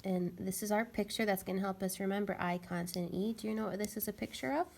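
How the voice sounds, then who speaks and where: A woman's voice: medium pitch, steady tone, fast, vocal fry, a little mellow, slight background noise. A woman teaching a phonics lesson to young children, patiently sounding out letters and words.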